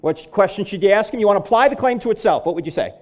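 A man's voice: high-pitched, expressive, racing. A middle-aged man giving a humorous lecture on apologetics to a live audience, delivering jokes and punchlines. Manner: joking, punchline-driven delivery. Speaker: Christian apologetics speaker.

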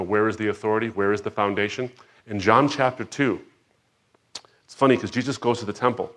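A man preaching a sermon, moving from quiet reflection to loud, emphatic outbursts and acting out quoted voices. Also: lowish voice. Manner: dramatic, swings between soft reflection and loud emphatic outbursts.

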